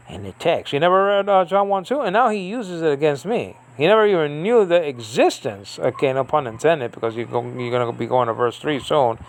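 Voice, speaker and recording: Gravelly man rambling through a Bible lesson. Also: on the high side, a bit bright. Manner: rambling, full of fillers and asides. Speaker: Bible teacher. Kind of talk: casual Bible study lesson.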